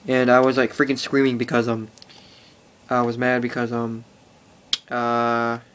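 A man's voice: mid-range voice, completely flat delivery, unhurried, a bit bright, a little hiss or hum. A teenage boy rambling casually to an iPod camera, full of fillers and swearing. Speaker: vlogger. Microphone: phone or iPod held close.

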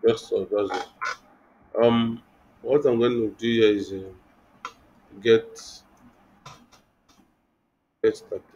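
A man's voice: lowish voice, steady tone, very slow, pauses often, a little mellow, muffled recording, slight background noise. A young man teaching web design in a live online class, thinking aloud with many restarts and fillers. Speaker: web development instructor.

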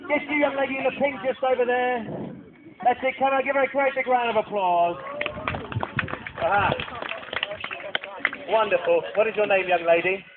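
A man's voice: extremely high pitch, level tone, moderate pace, long pauses, background noise. A man presenting a falconry display at an outdoor arena, joking and coaxing children from the crowd into the show. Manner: jokey, cheerful, coaxing children. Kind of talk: live outdoor show commentary with audience. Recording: tinny phone-like camcorder audio with music behind.

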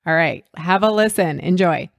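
A woman podcast host and business coach delivers an encouraging introduction. Her voice sits on the low side for a woman. The recording is dry, with no room sound. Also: normal speed, creaky, no echo.

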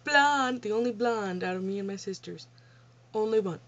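A woman's voice: mid-range voice, normal speed, a bit bright. Blunt, laughing young woman on lo-fi audio. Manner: blunt, profane, laughing at her own stories. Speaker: vlogger. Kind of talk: casual storytelling Q&A. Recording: dull lo-fi home recording.

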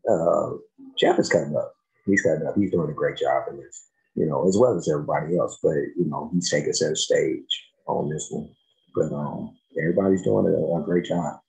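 A man hosts a casual song reaction, laid-back and slangy with plenty of fillers. His voice is very low, with a rough, creaky texture. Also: a little fast, darkish tone, low-quality recording. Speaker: music reaction host.

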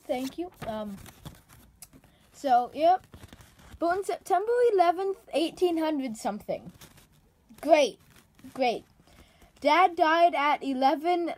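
A woman reading out written feedback in a dry, sarcastic comedy vlog, sounding out misspelled words. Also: high-pitched. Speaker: comedy vlogger.

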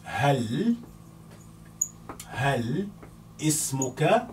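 A man teaching a beginner's language lesson, repeating words slowly and carefully. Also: medium pitch, big pitch swings. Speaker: Arabic teacher. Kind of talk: slow, patient language lesson. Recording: distant mic with faint hum.

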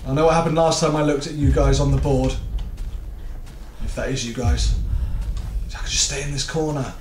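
A man commentates on a horror game at an ordinary pitch, chattering to himself in a jittery, swearing stream. His voice rings a little in an echoey room, with a faint hum of noise behind it. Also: steady tone, normal speed, darkish tone. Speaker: gaming video host.

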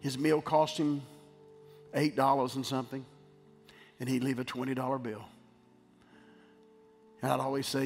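A middle-aged man preaching a sermon as pastor, shifting from emphatic exhortation to quiet, tender storytelling. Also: medium pitch, level tone, moderate pace, pauses often. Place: church sanctuary. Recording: hall reverb with faint music.

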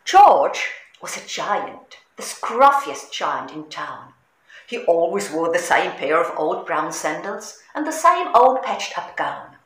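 A middle-aged woman reads a children's picture book aloud, slow and unhurried. Her bright voice swoops expressively through each line, and it rings in an echoey room. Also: slight background noise. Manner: slow, expressive storytelling with lively pitch. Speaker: storybook reader.

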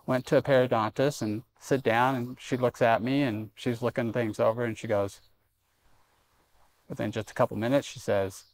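A man's voice: medium pitch, steady tone, moderate pace. A middle-aged man preaching a sermon in a church, conversational and self-deprecating with humor. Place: church sanctuary.

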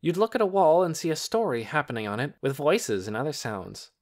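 A man's voice: on the high side, very animated, fairly quick, pitched above the performer's own voice. A man voicing a smug, self-important boy who talks in a precise, teacherly way in an audiobook. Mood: lecturing. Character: smug know-it-all boy, superior. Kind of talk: audiobook character reading.

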